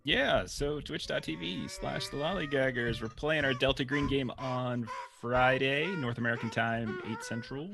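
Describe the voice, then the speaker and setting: A man's voice: medium pitch, moderate pace, gravelly, hardly any pauses. A man who streams games, talking in a matter-of-fact way over a noisy recording. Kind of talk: casual chat. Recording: noisy mic line.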